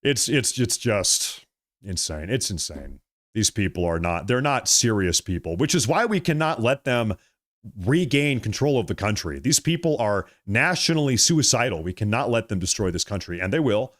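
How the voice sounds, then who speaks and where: A man hosting a political livestream reads viewer comments aloud and answers them emphatically, repeating phrases and thanking viewers by name. His voice is on the low side and expressive, at a normal speed.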